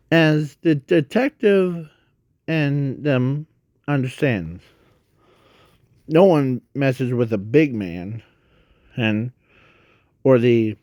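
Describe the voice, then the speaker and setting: Very slow, rambling male storyteller. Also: medium pitch, a little mellow, no echo, dull audio. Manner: rambling, halting, often correcting himself. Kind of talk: improvised fan story narration.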